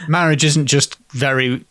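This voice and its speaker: A man's voice: a little high, fairly bright tone, dry recording. A man co-hosting a podcast, telling stories in a joking, self-deprecating way. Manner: jokey, self-deprecating, storytelling. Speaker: podcast co-host. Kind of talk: casual storytelling chat.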